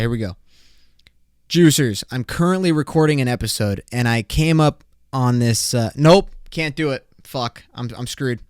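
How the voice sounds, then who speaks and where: A young man hosting a solo podcast, ranting in an excitable, profane, slangy way. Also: on the high side, no room sound, clean studio sound. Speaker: podcast host.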